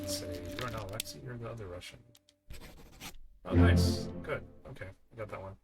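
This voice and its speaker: Streamer, male, lowish voice, talks himself through puzzles, loud game music behind. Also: normal speed. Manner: thinking aloud, muttering guesses. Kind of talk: live game stream commentary.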